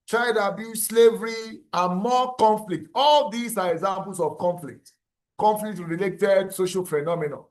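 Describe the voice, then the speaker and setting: High-voiced male lecturer. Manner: explains slowly, repeats terms and checks if students follow. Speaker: university lecturer. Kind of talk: classroom lecture.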